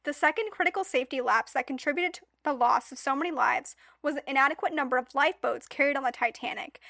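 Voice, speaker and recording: A woman's voice: sits high, sharp tone, no echo, clean studio sound. A woman co-hosting a podcast, chatting casually and reading notes aloud in a playful way, laughing often. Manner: playful, laughs often, stumbles over long read passages. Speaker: podcast co-host. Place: podcast studio.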